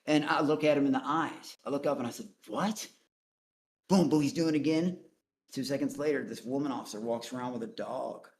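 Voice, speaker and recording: A man's voice: mid-range voice, quick pace, darkish tone. A man telling a story as a guest on a call-in show, blunt and profane, rambling through his account. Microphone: online voice chat.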